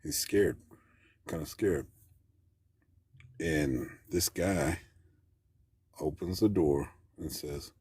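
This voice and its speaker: Very deep, husky-voiced man telling a story. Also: extremely slow, long pauses, a little mellow, no room sound. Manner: plainspoken, rambling, folksy grammar. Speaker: caller. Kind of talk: casual storytelling.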